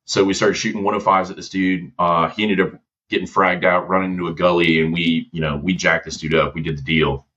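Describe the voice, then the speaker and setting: Brief: very low male guest voice, slangy storyteller, dull lo-fi sound. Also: fairly quick. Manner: slangy, lively, quoting others in his stories. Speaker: podcast guest, former gunship gunner. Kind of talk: casual storytelling interview.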